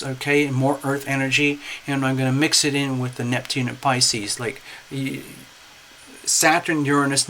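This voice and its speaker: Male tarot reader, bright and animated, coaxing tone. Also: mid-range voice, slight background noise, poor audio. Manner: animated, coaxing, repeats "okay?". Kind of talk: casual tarot reading monologue.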